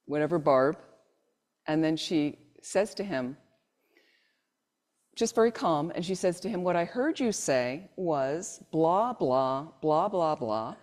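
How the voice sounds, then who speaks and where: A woman leads a Buddhist talk for a live group. Her voice sits a little low and sounds warm and relaxed. She tells anecdotes, acts out the people in them, and turns to the room with questions. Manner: asks the audience questions directly. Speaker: Buddhist teacher. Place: meditation centre hall.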